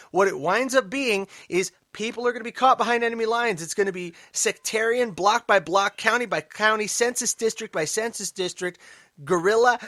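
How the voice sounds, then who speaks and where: A man hosting a political commentary podcast, emphatic and sarcastic, dropping to mutters and then rising loud. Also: sits high, no room sound, clean studio sound. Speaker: podcast host.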